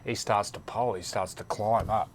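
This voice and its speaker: A man's voice: on the low side, fairly even intonation, moderate pace, a little hiss or hum. A middle-aged Australian man, a former rugby league player, telling cheeky anecdotes in a laconic, laughing way. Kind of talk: casual storytelling chat.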